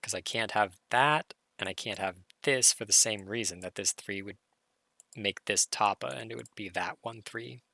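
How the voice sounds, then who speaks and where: Streamer, male, hoarse and gravelly, bright tone, dry close mic, live puzzle solve talked through aloud. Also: on the low side, moderate pace, no echo. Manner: muttering, self-correcting, excited.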